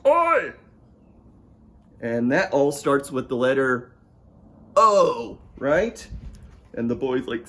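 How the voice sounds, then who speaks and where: A man reading his picture book aloud at storytime, playful and talking straight to young listeners. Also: fairly high pitch. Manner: playful, talks to young listeners and asks them to join in. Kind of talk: storytime read-aloud for children.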